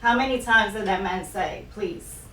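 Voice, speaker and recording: A woman's voice: medium pitch, moderate pace, fairly bright tone. Woman podcast co-host, heartfelt and emotional, echoey room, mic a bit far, faint hiss. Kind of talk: casual discussion. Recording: roomy echo, distant mic, faint hiss.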